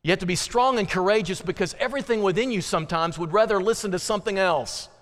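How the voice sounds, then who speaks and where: High-voiced preacher in a reverberant hall. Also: male voice, quick pace. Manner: animated preaching with dramatic drops to quiet, earnest lines. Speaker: pastor. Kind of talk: sermon. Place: church sanctuary. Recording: church hall with long reverb.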